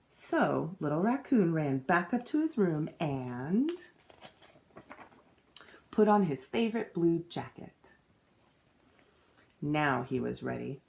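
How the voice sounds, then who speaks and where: Slow, very expressive woman reading a storybook. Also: low voice, creaky. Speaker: teacher. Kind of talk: storybook read-aloud.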